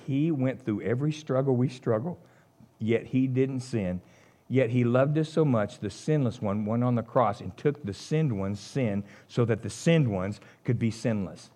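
A man preaching a casual, conversational sermon, folksy and animated, leaping from high exclamations to low asides. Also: a little slow. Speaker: pastor.

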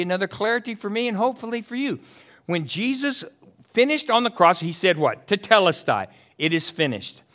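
Pastor, male, preaching a sermon; emphatic and chatty, shifts from loud to hushed. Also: on the high side. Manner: casual and chatty with the congregation.

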